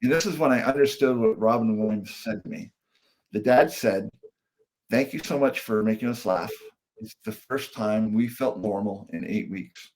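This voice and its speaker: A man's voice: on the low side, moderate pace, a little mellow. A middle-aged man, a comedian and speaker, telling an earnest personal story as a guest on a podcast.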